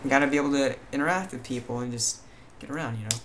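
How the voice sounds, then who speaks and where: A man's voice: medium pitch, rapid-fire, a bit bright, a little hiss or hum. A tired man vlogging in a vague, mixed put-on accent, talking hesitantly with many fillers and restarts. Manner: puts on a vague mixed foreign-sounding accent. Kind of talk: casual chat to camera.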